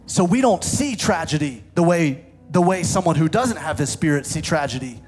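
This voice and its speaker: A man preaching a sermon with passion, climbing to fervent shouts and then dropping to a hushed, prayerful tone. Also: on the high side, animated, normal speed, slightly rough, soft background music. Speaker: pastor. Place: church service streamed online.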